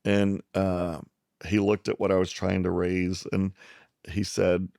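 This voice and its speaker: A middle-aged psychiatrist from South Texas tells a long personal story as a guest and acts out the voices of the people in it. His voice sits very low and has a rough, gravelly edge. The sound is dry and close, with no room echo. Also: takes it slowly. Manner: animated storyteller who acts out the people he quotes. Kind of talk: storytelling in a conversation.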